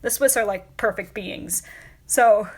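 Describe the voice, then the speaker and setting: A woman's voice: medium pitch, unhurried, breathy edge. A woman hosting a casual livestream, chatting with viewers in a rambling way with many fillers and frequent laughs. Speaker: livestream host.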